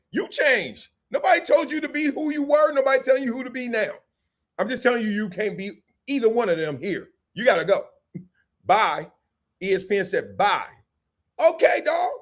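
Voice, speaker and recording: Animated man hosting sports talk. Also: very high voice. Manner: animated, acts out quotes in voices. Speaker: show host.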